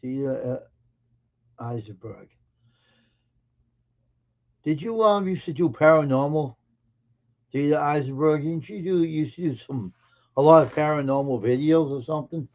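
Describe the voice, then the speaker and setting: A man's voice: a little high, unhurried, long pauses, darkish tone, muffled recording. A man hosting a live stream in casual chat, greeting viewers by name and teasing them in an offhand way.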